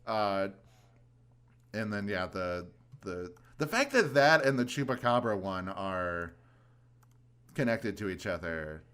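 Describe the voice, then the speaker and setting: A man's voice: on the low side, sing-song, slow, pauses often, a bit bright, clear, resonant tone. A man co-hosting a podcast in casual chat, rambling along with lots of restarts and fillers. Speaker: podcast co-host.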